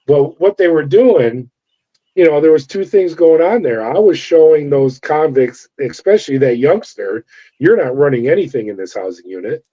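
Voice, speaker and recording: Middle-aged man, former guard, animated yarn-spinner; mellow, slightly raised pitch, lo-fi audio. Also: moderate pace. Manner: animated storyteller acting out dialogue. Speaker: former corrections officer. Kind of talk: storytelling interview. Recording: dull lo-fi sound.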